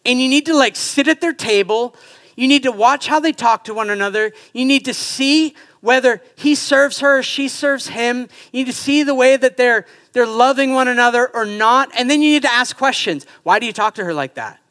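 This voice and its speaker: High, bright-voiced joking male pastor. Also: normal speed. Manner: animated and joking, acts out quoted voices. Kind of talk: sermon. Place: church sanctuary.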